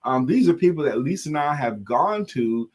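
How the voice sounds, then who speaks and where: A middle-aged man from the United States co-hosting a live online talk show in a lively, playful casual chat. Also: a little high, moderate pace.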